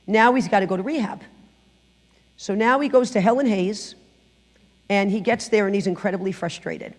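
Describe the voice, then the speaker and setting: Middle-aged new woman giving her church testimony, animated storyteller, big hall echo. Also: mid-range voice, normal speed. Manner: animated storytelling, acting out quotes. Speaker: guest speaker giving testimony. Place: church sanctuary.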